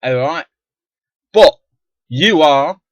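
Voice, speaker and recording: A middle-aged man vlogging an indignant, profane rant to camera, dropping to mutters and then bursting out loudly. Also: on the high side, lively intonation, drawn-out words, dry recording. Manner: profane, indignant, swings from muttering to loud outbursts. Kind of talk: ranting monologue to camera. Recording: dull lo-fi dry sound.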